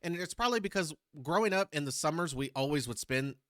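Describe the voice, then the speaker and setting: A man's voice: on the high side, animated, quick pace, fairly bright tone, no room sound, clean studio sound. A man from Texas, hosting a casual reaction video in a chatty, rambling way and searching for words. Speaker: YouTube reaction host.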